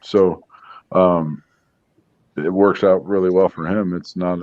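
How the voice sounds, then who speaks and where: Low-voiced man, dry dull sound. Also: steady tone, slow, darkish tone, no echo. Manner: easygoing, rambling with fillers. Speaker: parts salesman. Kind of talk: casual garage chat.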